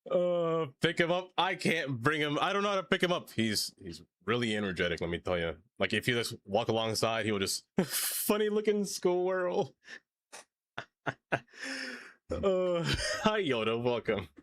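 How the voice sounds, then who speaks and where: A man's voice: on the high side, lively intonation, moderate pace, fairly bright tone, dry recording. A man live-streaming, chatting casually with his viewers and pets, laughing often and rambling. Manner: giggly, rambling, talks to chat and pets.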